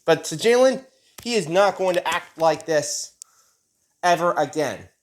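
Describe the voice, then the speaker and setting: A man's voice: fairly high pitch, animated, unhurried. Man narrating a rambling fan story. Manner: rambling, repetitive. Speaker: narrator voicing all characters.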